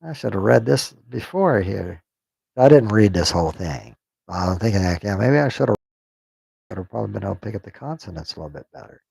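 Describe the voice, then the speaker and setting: Man, low gravelly voice, dry close sound, reads aloud haltingly, jokey. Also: animated, mellow, no echo. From United States. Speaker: streamer. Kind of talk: casual reading aloud on a livestream.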